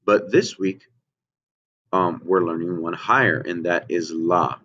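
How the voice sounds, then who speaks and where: A man's voice: deep voice, a little slow, fairly bright tone. A man teaching a remote music lesson to children, explaining patiently and checking in with "okay?" and "right?". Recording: dull lo-fi home recording.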